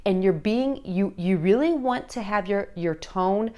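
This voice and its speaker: Speaking directly to camera, a woman gives parenting advice, coaching viewers, checking in often with a repeated "okay?" and acting out quoted voices. Her mid-range voice is animated and a little slow, with a darkish tone.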